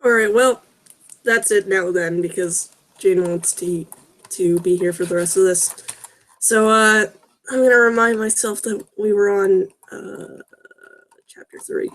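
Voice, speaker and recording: A woman's voice: mid-range voice, unhurried, a bit bright. A woman reading fan fiction aloud with sarcastic, groaning asides. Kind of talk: mocking dramatic reading with commentary.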